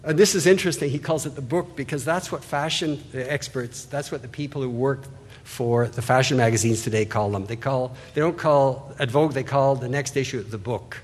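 Guy giving an art lecture, bit husky, big echoey hall, keeps restarting his sentences. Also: mid-range voice, fairly quick. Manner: discursive, restarts phrases, points at slides.

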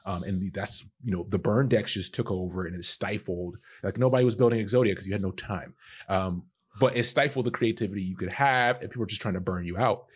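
A man co-hosting a podcast, talking in a relaxed, rambling way with lots of fillers. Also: fairly low pitch, a little fast, husky. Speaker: podcast co-host. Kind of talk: casual podcast chat.

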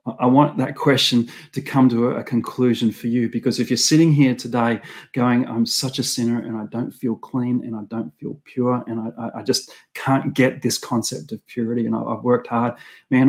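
Gravelly-voiced man preaching earnestly. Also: mid-range voice, a little mellow. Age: middle-aged. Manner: earnest, reflective, with frequent restarts and repeated phrases. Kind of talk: sermon.

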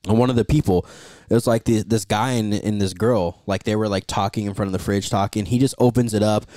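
A man's voice: lowish voice, steady tone, brisk, warm tone, dry recording. A man telling a long rideshare story in casual chat, swearing freely and acting out the people he quotes. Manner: profane storyteller, acts out quotes.

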